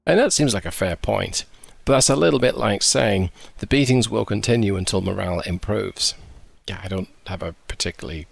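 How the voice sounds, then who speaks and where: A man's voice: lowish voice, quick pace, gravelly, hardly any pauses, husky. A man commenting on a game, reading briefings aloud and adding dry, sarcastic asides. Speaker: gaming YouTuber. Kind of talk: casual gameplay commentary.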